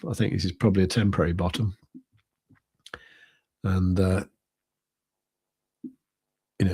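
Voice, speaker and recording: A man's voice: deep voice, darkish tone, husky. A British man hosting a trading livestream, talking casually over charts and thinking aloud with lots of fillers. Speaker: crypto trading livestream host. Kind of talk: casual live-stream chart commentary.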